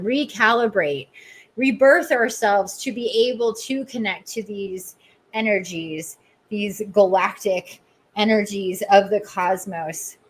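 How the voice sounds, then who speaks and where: A woman's voice: medium pitch, poor audio. A woman hosting a podcast, giving a channeled oracle reading and guided meditation. She lingers on repeated phrases in an incantatory way, with open emotion and self-mocking asides. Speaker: podcast host and oracle reader.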